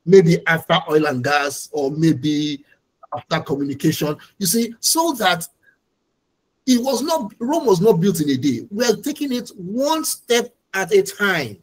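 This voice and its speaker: Husky instructor explaining patiently. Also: medium pitch, lively intonation, a little slow, poor audio. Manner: patient, explanatory, repeats key points. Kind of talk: online training lecture.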